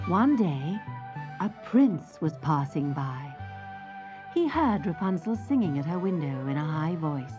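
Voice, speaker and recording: A woman narrating a children's fairy tale in a slow, expressive sing-song, dropping at times to soft whispers, on a lo-fi tape. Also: on the low side. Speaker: storyteller. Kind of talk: scripted children's story narration. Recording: lo-fi tape with faint music.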